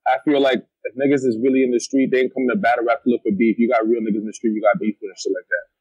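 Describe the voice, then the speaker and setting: A man's voice: mid-range voice, flat delivery, rapid-fire, a little mellow, no echo, muffled recording. A young man with a Toronto accent, a battle rapper talking bluntly and streetwise in a casual interview. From Canada. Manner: streetwise, blunt, frequent slang and "you know what I mean".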